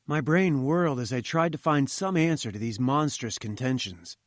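A man narrating a story in a measured, wry storytelling manner. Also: mid-range voice, no echo, studio quality. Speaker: audiobook narrator.

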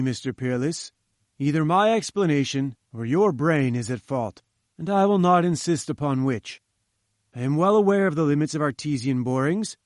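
A domineering old scientist, as a narrator puts him on, barking orders in a curt, forceful manner. The voice sits fairly high and sounds close and dry. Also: male voice, no echo, lightly acted. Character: domineering, irascible older male scientist.

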